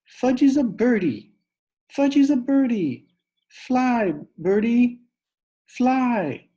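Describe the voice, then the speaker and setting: Wild little toddler boy with a squeaky, husky babble, put on by a man reading a storybook. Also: animated, warm tone, heavily acted, low-quality recording. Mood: gleeful. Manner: high babyish squeals, drawn-out words. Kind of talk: audiobook reading aloud.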